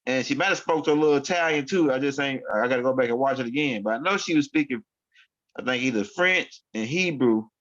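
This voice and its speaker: A man hosts his own online show, rambling through casual commentary full of street slang and frequent repetition. His medium-pitched voice is fast and a bit bright, and the recording sounds dull and lo-fi.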